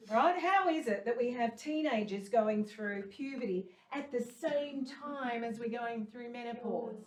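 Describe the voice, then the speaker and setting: A middle-aged woman performing a chatty, self-deprecating stand-up monologue on a live stage, laughing often at her own jokes. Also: on the high side. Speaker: stand-up comedian. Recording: roomy, from a distance.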